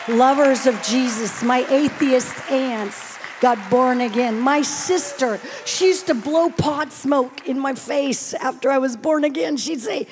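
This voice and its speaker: A middle-aged woman preaching a sermon with personal testimony, animated and playful, dropping to hushed tones between exclamations. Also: high-pitched, slight background noise. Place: large event hall, live audience.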